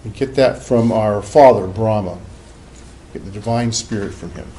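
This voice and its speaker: A man's voice: on the low side, measured pace, warm tone, poor audio. A man giving a classroom lecture as a psychology professor, loose and conversational, with many fillers and asides.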